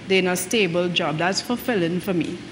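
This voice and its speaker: A woman's voice: lowish voice, brisk. Earnest woman, noisy studio. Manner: earnest, talks in local dialect. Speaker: clinical director. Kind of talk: studio panel interview. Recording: reverberant studio with clear noise.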